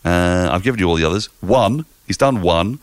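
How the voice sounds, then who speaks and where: A man talking as a podcast guest in casual chat, animated, playful and a little rambling. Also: low-pitched, brisk, dry recording.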